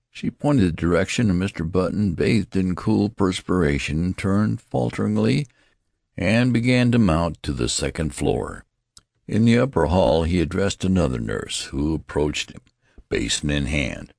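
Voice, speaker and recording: Very deep, gravelly male narrator. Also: expressive, moderate pace, a little mellow, no room sound, studio quality. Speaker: audiobook narrator. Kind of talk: scripted narration.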